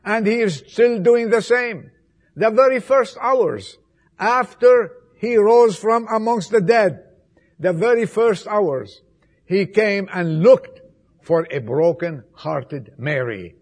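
Male preacher, sermon, raspy voice, fairly high pitch, dramatic loud-to-soft swings. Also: expressive. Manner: slow, emphatic delivery with repetitions. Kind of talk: Easter sermon.

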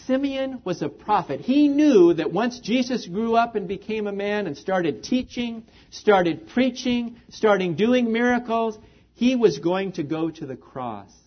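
A man's voice: high voice, lively intonation, a little slow. A man preaching a sermon as pastor, earnest and full of rhetorical questions to the congregation. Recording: dull lo-fi recording.

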